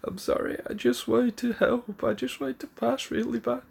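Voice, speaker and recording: A man's voice: high voice, steady tone, moderate pace, vocal fry, a little mellow. A man voicing a clever, serious young ninja boy who speaks earnestly and plainly. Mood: pleading.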